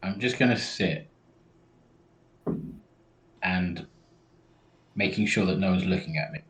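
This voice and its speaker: Low-voiced player, dry and laid-back. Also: male voice, slow pace. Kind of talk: casual tabletop play.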